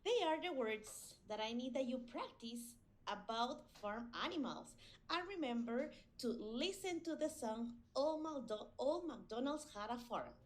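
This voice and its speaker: A young woman teaching English vocabulary to children, speaking slowly and clearly and imitating animal sounds between words. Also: sits high, animated. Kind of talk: slow, deliberate classroom instruction.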